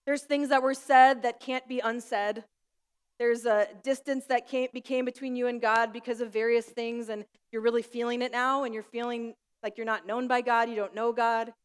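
A woman pastor preaching in a hall that leaves a long tail of reverb behind each phrase. Her voice sits a little high, and she tells stories with easy laughter in between. She sounds like a young adult. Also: level tone, moderate pace, smooth. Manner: warm storytelling with light laughs. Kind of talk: sermon with prayer. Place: school room used for church.

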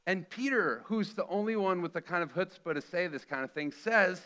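Bright-voiced preacher man. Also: sits high, normal speed, hardly any pauses. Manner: earnest preaching, dramatic readings of quoted lines. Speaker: pastor. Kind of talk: sermon.

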